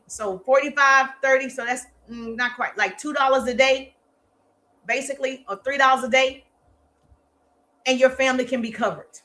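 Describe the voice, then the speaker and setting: A woman's voice: high voice, normal speed, long pauses, bright, forceful tone. A woman marketing coach giving an emphatic, playfully sarcastic motivational lesson. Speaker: social media marketing coach. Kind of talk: live motivational teaching talk.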